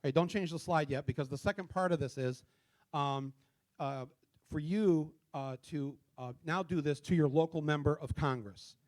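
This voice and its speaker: A middle-aged man hosting a live town hall in a theater, talking casually with many fillers and restarts, and spelling things out slowly. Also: a little high, darkish tone. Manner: spells out addresses slowly letter by letter. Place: theater stage before a live audience.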